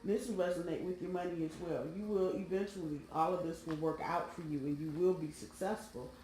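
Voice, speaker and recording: A woman's voice: fairly low pitch, fairly even intonation, a little fast, dark tone, reverberant, faint music behind. A woman giving a casual, rambling tarot reading, talking straight to her viewers with emphasis, recorded on a phone microphone. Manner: chatty, rambling, emphatic direct address. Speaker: tarot reader.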